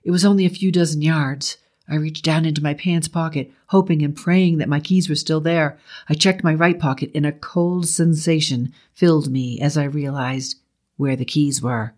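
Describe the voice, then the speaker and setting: A man narrating a first-person horror story in a steady, measured way. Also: on the high side.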